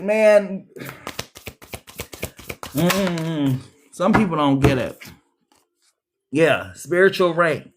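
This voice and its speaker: A man giving a casual tarot reading, profane and animated, calling his viewers beloved. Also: sits high. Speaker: tarot reader.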